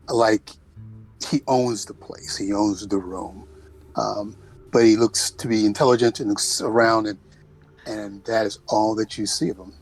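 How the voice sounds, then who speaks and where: A man running a tabletop role-playing game, describing scenes in an unhurried, halting way with many fillers. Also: lowish voice, poor audio. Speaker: game master. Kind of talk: tabletop role-play narration and character voices.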